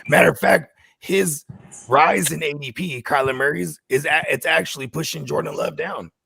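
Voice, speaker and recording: A man's voice: a little high, normal speed, gravelly, fairly bright tone, husky, no room sound. A man joking in loose, slangy sports talk on a podcast. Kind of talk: casual sports chat.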